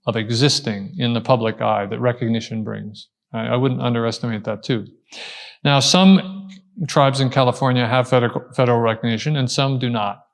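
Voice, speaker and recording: Guy answering a question after a talk, thinks out loud, lots of pauses, average pitch. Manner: thoughtful, explaining step by step with frequent pauses and restarts. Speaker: invited speaker answering audience questions. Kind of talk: unscripted explanatory answer at a talk.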